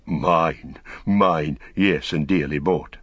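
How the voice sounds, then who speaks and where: A man voicing a bitter, fallen old wizard who talks slowly and mockingly, in an audiobook reading. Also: deep voice, a bit bright, slightly rough, no echo, lo-fi sound, heavily acted. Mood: scornful. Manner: slow, sneering, mocking.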